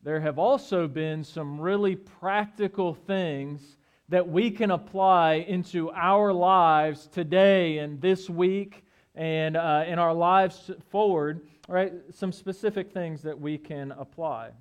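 A man's voice: a little high, slow, smooth. Conversational male pastor preaching. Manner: conversational, asks "right?" often. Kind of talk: sermon.

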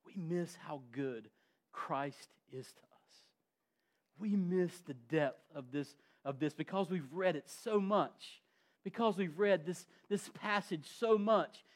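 Male pastor, sermon, fairly high voice, swings from hushed to loud. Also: unhurried. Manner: preaching with swings from quiet to loud.

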